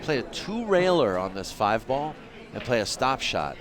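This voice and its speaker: A man commentating a pool match live in a loose, chatty way. His pitch swings around a lot as he talks, and he keeps bantering with the people watching. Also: sing-song, moderate pace, crowd noise. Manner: chatty, joking with viewers, laughs often. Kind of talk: casual live play-by-play commentary.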